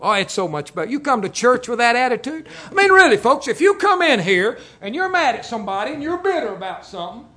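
A man's voice: very high voice, big pitch swings, fast talker, hardly any pauses, sharp tone. An older man preaching a folksy, joking sermon, telling stories and chuckling often. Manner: jokey, storytelling, chuckles often.

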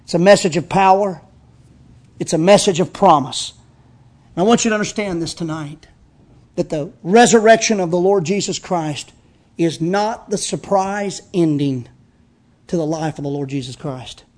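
A man preaching a sermon with fervor, reading scripture aloud and swelling loud on key phrases before dropping low. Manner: reads scripture aloud, slowing for emphasis. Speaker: pastor.

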